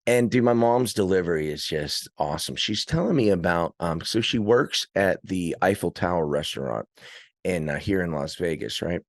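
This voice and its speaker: A man with a lowish voice chats loosely as a podcast guest, wandering through stories and breaking into laughter. The sound is dry and close, with no room around it. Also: animated, moderate pace, dry recording. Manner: rambling, laughing storyteller. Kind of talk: casual chat.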